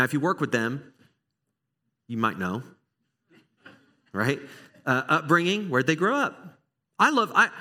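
Bright-voiced pastor preaching conversationally. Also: male voice, fairly high pitch. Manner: animated, conversational, acts out small dialogues. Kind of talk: sermon. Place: church sanctuary.

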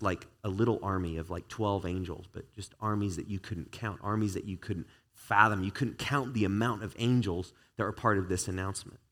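A man preaching a conversational sermon to a live congregation, relaxed and chatty with frequent restarts. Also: on the low side. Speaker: pastor. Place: church service before a live congregation.

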